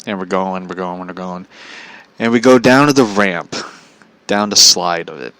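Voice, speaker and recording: A man's voice: low voice, normal speed, fairly bright tone, smooth. A man telling a comedic story in a profane, exasperated way, laughing often. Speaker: vlogger.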